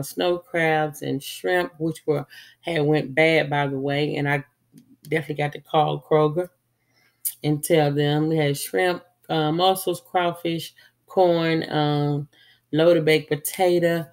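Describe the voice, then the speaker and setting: Slow, low-voiced woman with a stuffy cold. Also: flat delivery. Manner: chatty, rambling, with frequent ums. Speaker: vlogger. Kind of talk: casual holiday haul chat.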